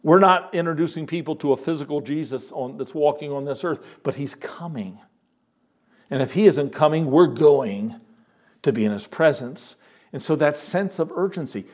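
Male pastor, fairly high voice; urgent sermon delivery with loud peaks and quiet asides. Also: expressive, moderate pace. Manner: earnest, urgent preaching with sudden loud rises and soft drops.

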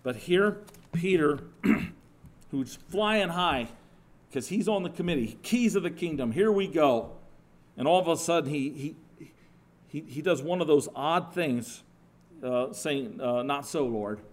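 Man preaching a sermon, conversational, animated storytelling, restarts and asides, somewhat high-pitched. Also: takes it slowly.

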